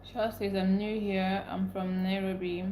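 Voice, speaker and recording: A woman's voice: mid-range voice, level tone, a little slow, mellow, a little hiss or hum. Young woman livestream host from Nigeria, upset and ranting, greets chat by name. Echoey room. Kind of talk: casual live-stream chat, reading comments.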